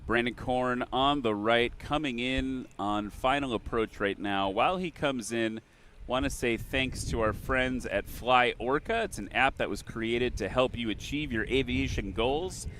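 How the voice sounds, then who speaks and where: A man calls the action of a flying competition live, chatty and quick to get excited. His voice is bright and forward at an everyday pitch. Faint outdoor noise sits behind him. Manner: excitable, chatty, reads sponsor spots. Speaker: event commentator. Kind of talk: live play-by-play commentary.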